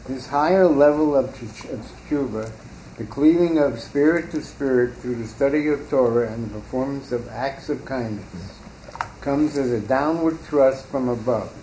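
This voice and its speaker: A man reads a passage aloud at a steady, measured pace for a class. The sound is roomy and echoey, with a faint hiss of ambience underneath. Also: mid-range voice. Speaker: text reader in a class. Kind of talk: reading a text aloud.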